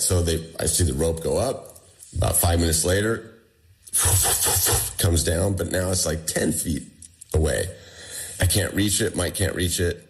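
A man's voice: deep voice, normal speed. A man recounting a personal ordeal in a conversational interview, acting out what others said. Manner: animated retelling, acting out quoted dialogue. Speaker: guest telling his survival story. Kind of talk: conversational storytelling.

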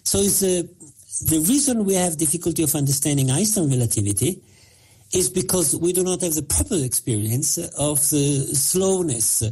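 Husky-voiced man explaining with many pauses. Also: on the high side, lively intonation, mellow. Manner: halting, many fillers, explanatory. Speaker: physicist guest. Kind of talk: interview answers.

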